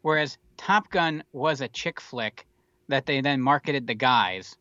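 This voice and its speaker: Male podcast co-host, casual and rambling, profane asides, crisp dry close sound. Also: mid-range voice, measured pace, pushed and bright, dry recording, highs cut off. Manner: rambling, wry and profane, with many fillers. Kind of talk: casual movie chat.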